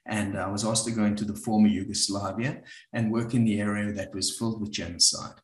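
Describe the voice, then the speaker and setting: A man with a South African accent, giving a reflective, earnest talk to a live audience, often pausing and restarting his sentences. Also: lowish voice, steady tone, a little mellow, roomy sound. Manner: earnest, with frequent restarts and pauses. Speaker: speaker at a community event.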